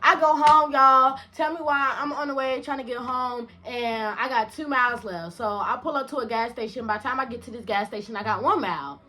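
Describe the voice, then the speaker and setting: A young woman tells a storytime vlog story, cussing freely and sounding exasperated. Her voice sits somewhat high and comes across bright and sharp. She talks casually and animatedly. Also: a little fast, few pauses. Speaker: indie rap artist telling a story.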